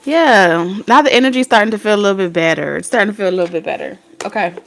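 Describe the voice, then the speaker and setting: Hosting live tarot, a woman talks fast in a gravelly, medium-pitched voice, chatting folksily with her audience, reading out their comments, and using homespun slang.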